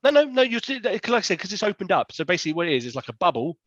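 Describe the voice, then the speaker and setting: A man's voice: high-pitched, big pitch swings, rapid-fire, dry recording, muffled recording. A man narrating a tabletop game as game master, often rambling and correcting himself. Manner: rambling, self-correcting description.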